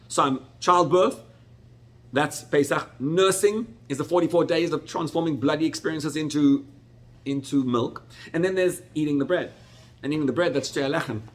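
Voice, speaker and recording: In his Torah class, a middle-aged rabbi tells stories vividly and expressively, his voice jumping suddenly in pitch.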